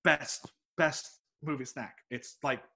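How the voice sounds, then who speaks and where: A man who teaches English telling a personal story in a rambling, excitable way, swearing freely and laughing mid-sentence. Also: fairly high pitch, takes it slowly, vocal fry, breathy edge. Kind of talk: casual anecdote telling.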